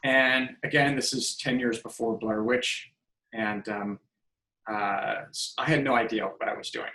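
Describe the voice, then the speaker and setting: A man's voice: medium pitch, measured pace, echoey room, low-quality recording. A man in his fifties, a podcast guest telling stories casually and acting out the dialogue he quotes. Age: 50s. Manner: animated storyteller who acts out quoted dialogue. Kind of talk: casual storytelling interview.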